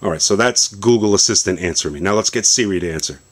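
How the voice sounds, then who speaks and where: A man with a very deep voice walks through a phone demo in a basement, loose and chatty. He stops, restarts and fills gaps with "uh" as he goes. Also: fast. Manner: relaxed, rambling explanation with many fillers and restarts. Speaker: tech video host. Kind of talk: casual tech demonstration.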